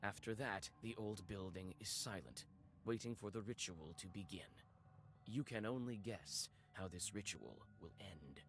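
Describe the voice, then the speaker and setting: Man narrating a dark tale in second person. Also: lowish voice, a little hiss or hum. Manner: measured, atmospheric.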